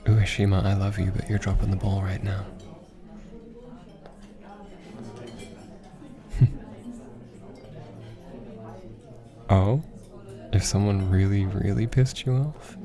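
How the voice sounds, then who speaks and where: A young man in a whispered role-play as a teasing, affectionate boyfriend teaching Japanese, talking softly with frequent laughs. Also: sits low, steady tone, normal speed, crowd noise. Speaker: ASMR roleplay creator. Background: background music.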